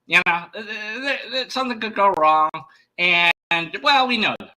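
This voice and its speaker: A man talking to camera in a loose, rambling vlog, stumbling through fillers and restarts. His voice sits high and swings widely, with a very bright, sharp edge. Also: expressive, moderate pace, low-quality recording. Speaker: YouTuber. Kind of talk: casual vlog monologue.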